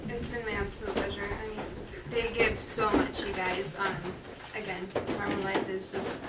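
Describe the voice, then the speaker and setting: A woman's voice: mid-range voice, level tone, normal speed. A woman guest in a casual interview, earnest and laughing often, with many fillers. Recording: echoey, distant, loud noise.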